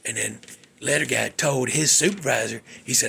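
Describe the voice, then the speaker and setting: A man's voice: medium pitch, brisk, creaky, bright, forceful tone, a little hiss or hum. A man hosting a show, telling a workplace story in a folksy, salty, worked-up way. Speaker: host. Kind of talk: casual storytelling monologue.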